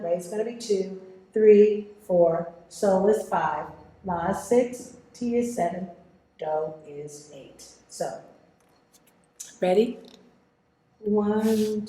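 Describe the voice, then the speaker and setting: A woman teaching children a vocal warm-up, encouraging them and demonstrating exercises. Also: mid-range voice, reverberant. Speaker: music teacher.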